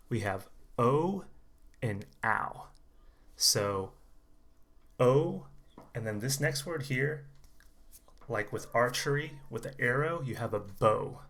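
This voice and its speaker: A man runs a casual pronunciation lesson as a conversation coach, speaking at an ordinary mid pitch. He talks in a relaxed, chatty way and slows down to repeat each sound for learners. It is one unedited take recorded on a camera mic. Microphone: camera mic, unedited single take.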